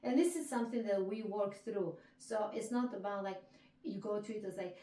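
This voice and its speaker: Italian-accented woman, roomy distant sound. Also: medium pitch. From Italy. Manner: expressive, animated, halting English with many restarts. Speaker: Italian language teacher. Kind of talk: conversational interview.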